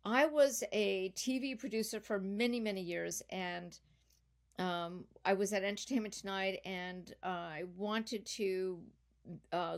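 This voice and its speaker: Chatty woman telling her story. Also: medium pitch. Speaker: podcast guest, business founder. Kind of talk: storytelling in a podcast interview.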